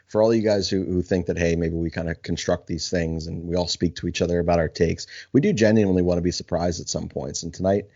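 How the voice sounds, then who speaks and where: Deep-voiced brash podcast host. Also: male voice, a little mellow, no room sound, muffled recording. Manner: brash, crude, teasing. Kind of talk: casual podcast hosting.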